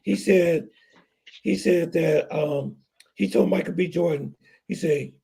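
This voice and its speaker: A man in casual chat, giving laid-back advice in a raspy, gravelly voice. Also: on the high side, slow pace, dark tone.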